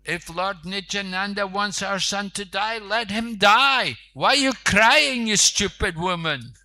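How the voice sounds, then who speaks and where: A man's voice: a little high, slow, bright, forceful tone, smooth. A man voicing a devoted and tolerant male follower who speaks emphatically. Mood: stern.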